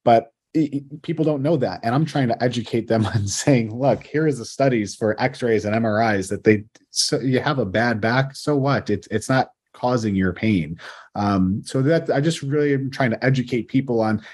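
A man's voice: mid-range voice, normal speed, darkish tone, breathy edge. A man, a physical therapist guest on a podcast, explaining earnestly with many ums and restarts. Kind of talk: casual interview chat.

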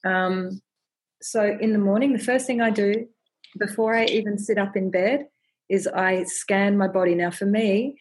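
A woman speaking as a podcast guest, sharing her practice in a gentle, earnest, reflective way and often repeating words as she thinks. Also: mid-range voice, a little slow, slightly rough. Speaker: podcast guest, ceremony holder.

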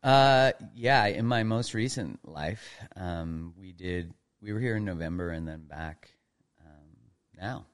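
A man's voice: low voice, takes it slowly. A man from Canada, a guest on a podcast, talking in an easygoing, reflective way with some fillers. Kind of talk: casual podcast interview.

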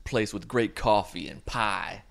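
A laid-back young man with a low-key, mumbled delivery, as a man puts him on. It stays near the performer's own low voice. It's a comic bit in a recap. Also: unhurried, gravelly, a bit bright.

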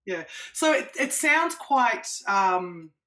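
A woman practitioner, a guest in an interview, explaining her methods in an animated way with examples. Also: on the high side, slow pace.

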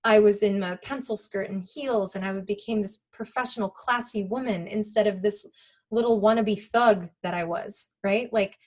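A woman speaks candidly about something that happened to her, in an earnest and halting way. She restarts her sentences often and leans on fillers as she goes. Her voice sits at a middle pitch for a woman. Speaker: guest telling a personal story. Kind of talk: candid personal storytelling.

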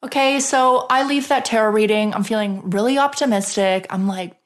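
A woman's voice: a little high, moderate pace. A woman hosting a podcast, telling a personal story in a frank, chatty way, swearing freely and filling her talk with "like". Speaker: podcast host.

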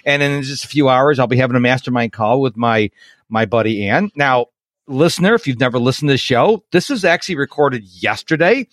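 A man's voice: medium pitch, lively intonation, brisk, fairly bright tone, no echo. American guy hosting a podcast, keen and talky, dry close sound. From Rochester, New York. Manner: chatty, enthusiastic, repeats himself. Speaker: podcast host. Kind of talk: casual interview chat.

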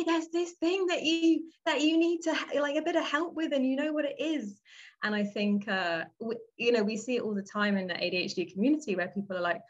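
A woman's voice: mid-range voice, fairly bright tone, dull audio. A woman from England chatting casually in a podcast conversation, rambling with many restarts.

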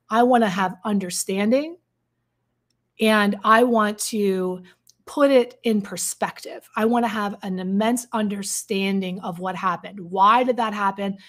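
A woman coach speaking frankly and earnestly, telling a personal story with many fillers and restarts. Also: mid-range voice. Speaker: codependency coach.

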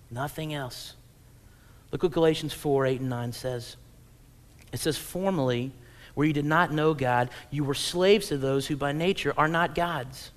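A man preaching a sermon as pastor, animated and humorous, swinging from loud acted-out quotes to quiet low asides. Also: long reverb tail.

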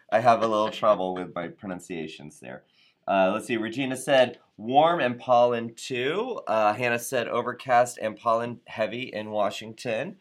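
Upbeat man hosting a live chat. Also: on the low side. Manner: upbeat and playful, trips over words. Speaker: host of a live show. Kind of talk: live-stream chat reading viewer comments. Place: Atlanta area.

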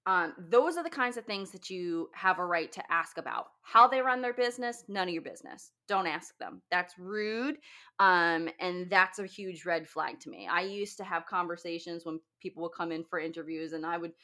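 A woman's voice: lowish voice, moderate pace, pushed and bright. A woman who owns a wedding business, giving blunt, profane advice in a casual talk.

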